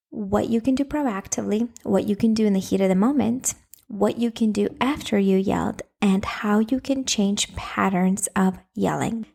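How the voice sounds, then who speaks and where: A woman's voice: medium pitch, creaky, dark tone. A woman hosting a solo podcast, coaching moms in a casual, direct way and often checking in with "okay?".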